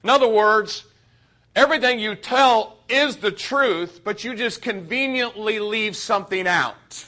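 Animated male preacher with a high, bright voice. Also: a little slow. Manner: animated, addresses youth directly. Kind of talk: sermon.

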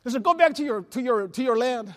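High-voiced Spanish-accented man preaching. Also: lively intonation, quick pace, a bit bright. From Latin America. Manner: repeats words and restarts, laughs at himself, storytelling. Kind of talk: sermon. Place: church sanctuary.

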